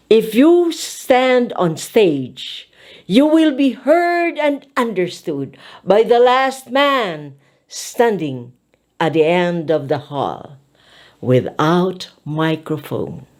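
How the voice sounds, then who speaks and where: Woman teaching public speaking, really slow and deliberate, voice swoops up and down a lot. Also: lowish voice, sing-song, a little mellow. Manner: slow, emphatic, demonstrating intonation. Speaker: speech coach. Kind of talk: teaching lecture.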